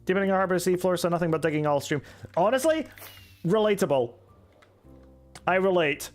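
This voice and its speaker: A man's voice: high-pitched, lively intonation, moderate pace. A young Scottish man streaming a game, chatting casually and with self-mockery as he reads out viewer messages and answers them. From Scotland. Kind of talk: casual live-stream chat while gaming. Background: faint background music.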